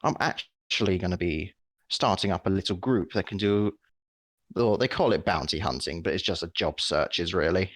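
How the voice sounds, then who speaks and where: Man voicing a polite recruiter, very low voice, formal, courteous, dry sound. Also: normal speed, no echo. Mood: persuasive. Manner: courteous, formal, calls her miss. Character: polite male recruiter, genteel and curious.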